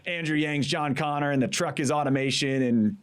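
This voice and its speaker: A man in his thirties, a former campaign manager, telling animated stories in casual podcast chat, acting out quotes and swearing freely. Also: a little high, brisk, clean tone.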